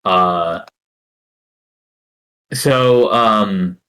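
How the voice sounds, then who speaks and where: A man running a tabletop game as dungeon master, narrating slowly and carefully, with many fillers between phrases. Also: fairly low pitch, pushed and bright, low-quality recording.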